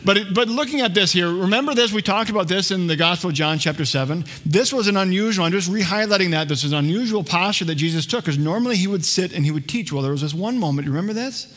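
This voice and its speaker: Conversational preacher, a man, slightly high voice. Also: quick pace, hardly any pauses, fairly bright tone. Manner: conversational, jokes with the congregation. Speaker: pastor. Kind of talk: sermon. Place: church.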